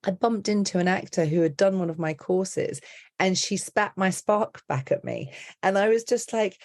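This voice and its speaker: A woman who coaches accents, chatting as a podcast guest in a lively, laughing way that often breaks off mid-sentence. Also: medium pitch, normal speed, no room sound. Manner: animated, laughing, self-interrupting storyteller. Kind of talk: casual interview chat.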